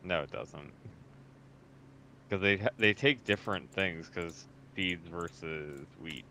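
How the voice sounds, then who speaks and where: A man's voice: low-pitched, takes it slowly, bright, forceful tone, slight background noise, rough recording. A man chatting casually while playing a video game, explaining things patiently and matter-of-factly. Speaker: co-player.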